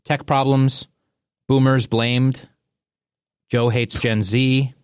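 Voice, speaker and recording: A man's voice: mid-range voice, level tone, slow pace, clear, resonant tone, no echo. Easygoing male co-host, dry mic. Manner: easygoing, laid-back, brief replies. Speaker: show co-host and producer. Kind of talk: casual chat.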